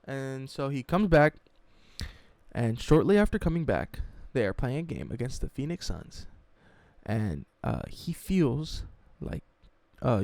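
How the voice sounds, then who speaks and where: Gravelly dude ranting through a basketball story, swears a lot, super dry mic. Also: male voice, mid-range voice, no echo. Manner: profane, animated, mocking. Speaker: sports YouTuber. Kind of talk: comedic sports storytelling.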